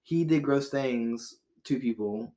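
A man's voice: medium pitch, slow, crowd noise. A man co-hosting a casual podcast, reading out history facts in a loose, joking way with frequent laughs and swearing. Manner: laid-back, reads date facts, swears, laughs often. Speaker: podcast co-host.

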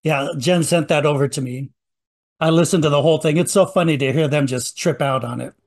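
A man's voice: a little high, brisk. A man hosting a podcast, chatting casually and joking as he introduces old radio clips. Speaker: podcast host. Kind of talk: casual recap chat.

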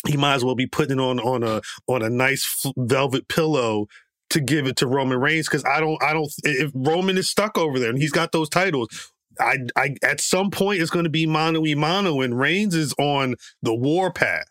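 A man's voice: mid-range voice, normal speed, a bit bright, dry recording. A young man co-hosting a casual talk show, making his points emphatically with stammered repeats. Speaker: co-host. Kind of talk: casual wrestling talk chat.

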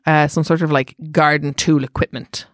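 A woman's voice: low voice, steady tone, moderate pace. A woman with a Cork Irish accent hosting a casual chat, dry and blunt in her delivery. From Cork, Ireland. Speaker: podcast host.

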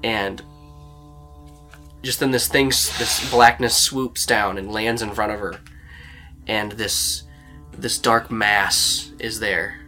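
Lockerer Spielleiter mit heller Stimme. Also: male voice, on the low side, fairly even intonation, takes it slowly, pauses often, pushed and bright, soft background music. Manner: loose, filler-heavy storytelling. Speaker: game master. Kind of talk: narrating a tabletop game.

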